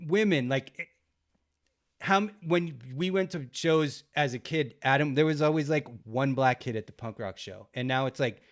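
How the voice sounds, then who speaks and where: Chatty middle-aged podcast host. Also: male voice, fairly high pitch, moderate pace. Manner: rambling, frequent laughs and fillers. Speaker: podcast host and record cover artist. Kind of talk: casual conversation.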